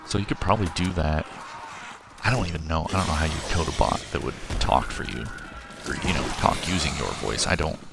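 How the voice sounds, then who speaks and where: Over game music and gunfire, a very deep, creaky-voiced man in his thirties from Missouri streams a zombie game at a brisk clip. He chats loosely with viewers, often rambling and breaking off mid-thought.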